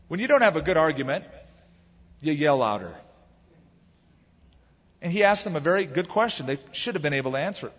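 A man's voice: on the high side, sing-song, a little fast, long pauses, a bit bright, slightly rough, in a large hall, muffled recording. A man preaching a sermon, dramatically acting out the voices of a crowd. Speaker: pastor.

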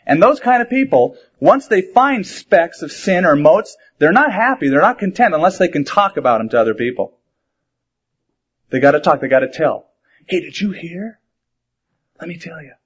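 A man's voice: on the high side, animated, moderate pace, breathy edge. A man preaching a sermon in a conversational way, asking rhetorical questions and mixing in humor. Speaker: pastor. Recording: dull lo-fi sermon recording.

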